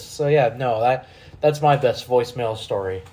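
Profane, animated male podcast host. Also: on the high side, moderate pace. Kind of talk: casual podcast chat.

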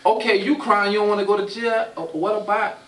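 A man's voice: high voice, level tone, fairly quick, fairly bright tone, distant mic. A man co-hosting a casual podcast chat, arguing his point with lots of rhetorical questions and "you know what I'm saying". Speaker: co-host. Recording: echoey room, voice off-mic, faint noise.

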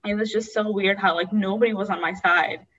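A woman's voice: mid-range voice, fairly even intonation, fairly quick, a bit bright, dull audio. A young adult woman, a guest, candidly telling an emotional personal story and acting out the voices she quotes.

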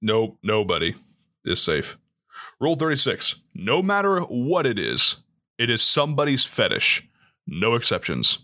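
A young man chats as a podcast co-host, his voice bright and ringing, his pitch swinging up and down as he reads out rules and riffs on them. He speaks in an easy, joking way. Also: unhurried. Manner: animated, reads rules aloud with jokey asides. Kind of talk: casual chat.

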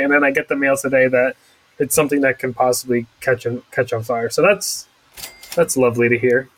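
Bright-voiced sarcastic young man. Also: fairly high pitch, fairly quick, rough recording. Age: young adult. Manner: rambling, sarcastic. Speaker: podcast co-host. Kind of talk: casual chat.

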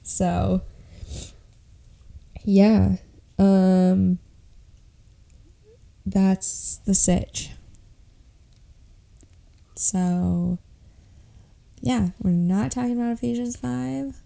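Slow-talking woman with a gravelly dark voice. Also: mid-range voice, steady tone. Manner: laid-back, self-deprecating, slow and drawn out. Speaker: podcast co-host. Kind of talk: casual chat.

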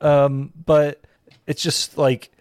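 A man co-hosting a podcast, chatting casually, skeptical and halting, with frequent restarts. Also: on the high side, completely flat delivery, a little mellow, no room sound, studio quality. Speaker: podcast co-host. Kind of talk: casual chat reviewing a web series.

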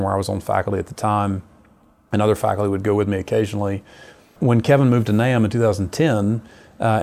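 A middle-aged man with a gravelly, fry-edged voice that sits on the low side. He recounts his calling as a missionary in an earnest, lively storytelling manner. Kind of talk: personal testimony in conversation.

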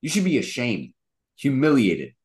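A young man co-hosting a casual sports podcast, mocking and animated, acting out quotes as he rants. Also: mid-range voice, moderate pace. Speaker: podcast co-host.

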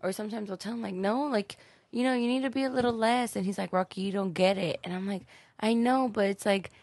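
Gravelly-voiced woman in her twenties, candid. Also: fairly high pitch, fast talker, a little mellow, dry recording. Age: 20s. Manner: candid, swears freely, acts out quotes. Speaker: podcast guest. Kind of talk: casual chat.

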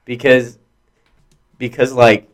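A man's voice: mid-range voice, level tone, slow pace. A young man co-hosting a podcast in casual chat, blunt and profane, often restarting his sentences. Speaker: podcast co-host.

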